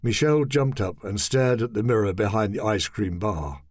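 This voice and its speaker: A man narrating a children's audiobook in a lively, expressive reading. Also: on the low side, moderate pace, hardly any pauses, dry recording, clean studio sound. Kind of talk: scripted storybook narration.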